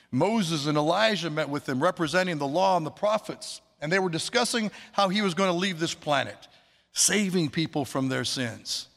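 Man, preacher, earnest sermon, slightly high voice, long hall reverb. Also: a bit bright. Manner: earnest, drawn-out emphasis, quoting scripture.

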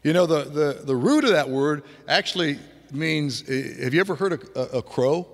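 A man's voice: on the high side, expressive, normal speed. A man preaching a sermon in a loose, conversational way, with frequent restarts and vivid imitations of sounds. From grew up on a farm. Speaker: pastor. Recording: long hall reverb.

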